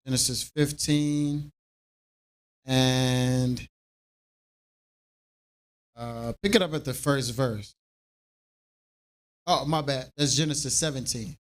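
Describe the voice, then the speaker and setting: A man leading a scripture class in an animated preaching style, acting out everyday dialogue to make his points. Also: mid-range voice, slow, long pauses.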